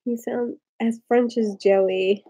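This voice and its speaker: A woman's voice: a little high, steady tone, slow, dark tone, husky, low-quality recording. A drunk woman in her forties hosting a casual live stream, rambling, giggling and reacting to viewer comments.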